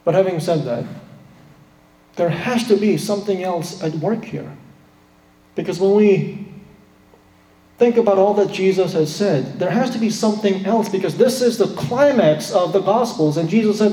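A man's voice: normal speed, warm tone. A man preaching a sermon, emphatic, acting out the quoted lines in a raised voice. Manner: emphatic preaching, acts out quotes with rising pitch. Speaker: pastor. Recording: roomy hall with long reverb.

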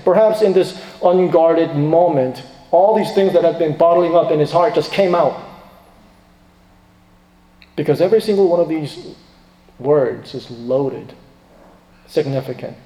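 A man preaching a sermon with a high, mellow voice that carries through a large reverberant hall. He swings from loud, emphatic questions to hushed, quiet asides. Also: unhurried, pauses often.

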